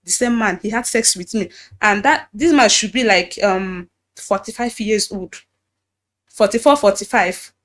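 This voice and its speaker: A woman's voice: mid-range voice, measured pace, fairly bright tone. A young Nigerian woman with a Nigerian accent telling her personal story, quoting other people's words and acting out a man's lines in a raised voice. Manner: recounts dialogue, acts out the pastor's lines in a raised voice. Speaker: testimony giver. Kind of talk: emotional personal testimony.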